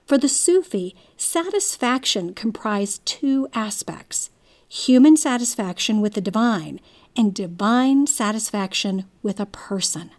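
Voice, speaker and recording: A woman giving a scripted narration, reading in a measured, deliberate way. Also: medium pitch, lively intonation.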